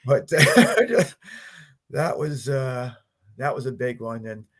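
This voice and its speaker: A man in his fifties, a podcast guest, telling his story in a lively way, acting out what he and others said, with frequent laughs. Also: mid-range voice, slow. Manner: animated storyteller, acts out his own quotes, laughs often. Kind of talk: storytelling interview.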